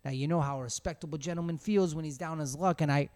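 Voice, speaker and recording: A man's voice: on the high side, fast talker, darkish tone, lightly acted. A man voicing a drunken, sly beggar who pleads in a coaxing, self-pitying way with drunken dignity. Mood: wheedling.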